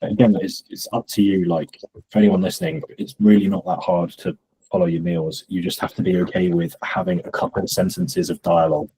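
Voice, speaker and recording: A young man, a fitness coach, telling stories in a relaxed podcast chat and acting out what his clients say. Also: low-pitched, fairly quick, vocal fry, rough recording. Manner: relaxed storytelling, acts out quoted clients.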